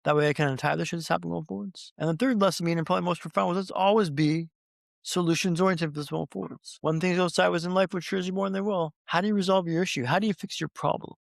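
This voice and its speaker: A man's voice: sits high, fairly even intonation, fast, gravelly, no room sound, studio quality. A man telling his recovery story as a podcast guest, like a practiced speaker, with repeated phrases for rhythm and speaking straight to the host. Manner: addresses the host directly.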